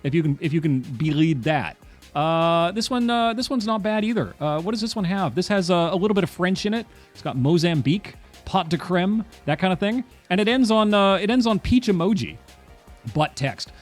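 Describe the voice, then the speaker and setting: Rambling wry male streamer, higher voice. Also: lively intonation, moderate pace, soft background music. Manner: rambling, wry, full of "uh" and repeated phrases. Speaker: livestreamer solving crosswords. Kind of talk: casual livestream chat.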